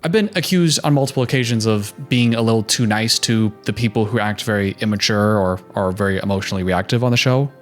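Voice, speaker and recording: Opinionated young man recapping TV. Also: mid-range voice. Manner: heated, sarcastic, mocking quoted voices. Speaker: reaction video host.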